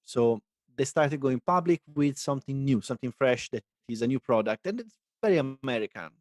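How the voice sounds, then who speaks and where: A man's voice: mid-range voice, animated, a little fast, no echo, studio quality. A man co-hosting a casual talk show, musing aloud and hesitant, often restarting his sentences. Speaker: podcast co-host. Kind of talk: casual chat.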